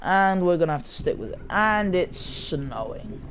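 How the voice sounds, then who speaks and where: A man's voice: high voice, very animated, normal speed, a little hiss or hum. A young man giving casual, rambling gameplay commentary from his chair at home, full of slang and asides to his viewers. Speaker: gaming video creator. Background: loud game music.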